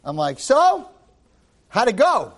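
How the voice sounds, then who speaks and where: A man, a rabbi, giving a lively Torah class, acting out quotes and dropping Hebrew phrases into his English. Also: extremely high pitch, slow. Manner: animated, acts out quotes and shouts for emphasis. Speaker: rabbi and teacher.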